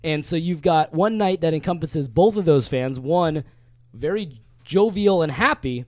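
A young man hosting a live sports radio show, briskly recapping the game with scores and stats. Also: a little high, no echo, clean studio sound. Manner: brisk, stat-heavy play-by-play recap. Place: radio studio.

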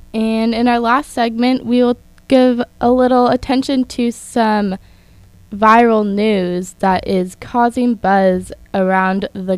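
A woman's voice: on the high side, clean tone, no room sound. A young woman hosting an entertainment news radio show, reading stories with chatty asides of her own. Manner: chatty, reads from notes with asides. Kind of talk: scripted entertainment news talk.

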